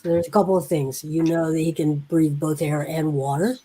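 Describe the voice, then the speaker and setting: Female game master, deep husky voice, slow hesitant narration. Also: level tone, dark tone, low-quality recording. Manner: unhurried, hesitant with many fillers.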